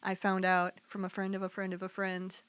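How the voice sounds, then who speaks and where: A woman's voice: medium pitch, monotone, brisk, a bit bright, smooth. A woman co-hosting a podcast in casual chat, giggling and gushing as she tells stories. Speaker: podcast co-host.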